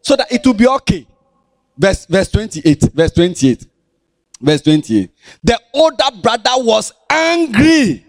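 A man with a Ghanaian accent preaching a lively Bible lesson to children, animated and sing-song, teasing his listeners as he talks. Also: sits high, measured pace, no room sound.

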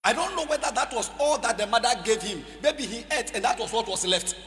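A man preaching a sermon in a church hall, leading call-and-response and slipping into sing-song shouts. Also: very high-pitched, expressive, a little fast.

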